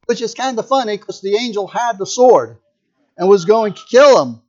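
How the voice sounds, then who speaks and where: A man's voice: sits high, normal speed. A man preaching a sermon, retelling a story in a conversational way with asides to his listeners. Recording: muffled lo-fi recording.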